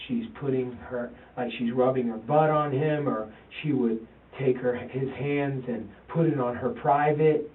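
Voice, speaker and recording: Halting father on a tinny, roomy recording. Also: mid-range voice, steady tone. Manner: halting, repeats himself, quotes his sons. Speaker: father interviewed by police. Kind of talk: police interview recording. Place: police interview room. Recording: tinny, roomy, distant interview-room recording.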